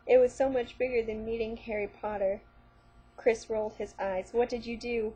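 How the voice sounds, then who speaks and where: A woman's voice: a little high, flat delivery, normal speed, warm tone, slightly rough, muffled recording. A woman vlogger reading fan fiction aloud, breaking in with sarcastic, mocking commentary.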